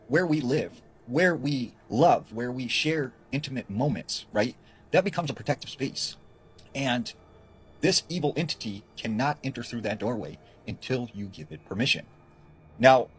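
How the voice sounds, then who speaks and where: A man's voice: medium pitch, slightly rough. A man retelling a paranormal story in a conversational way, with dramatic swells and filler words.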